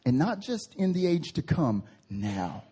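A man preaching a sermon as pastor, lively, with playful voiced asides and big swings from loud to hushed. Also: fairly high pitch, measured pace, slightly rough. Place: church service.

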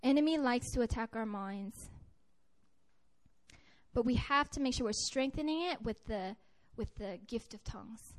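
A woman with a high voice preaches to a gathering in a casual, heartfelt way. She tells a personal story and often stops and restarts her sentences. Her tone stays earnest throughout. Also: moderate pace. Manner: conversational and earnest, many restarts and fillers. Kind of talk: sermon with personal testimony.

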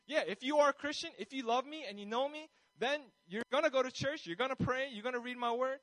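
Pastor, man, high-pitched, delivers a casual sermon and acts out the people he quotes, dry recording. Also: quick pace, few pauses, fairly bright tone, no room sound, poor audio. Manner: conversational, many fillers, acts out quoted voices.

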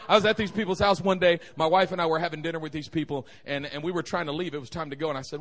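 A man's voice: on the high side, fairly even intonation, rapid-fire, hardly any pauses, fairly bright tone. A young man preaching a humorous sermon in a church, telling stories and joking with the congregation. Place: church sanctuary.

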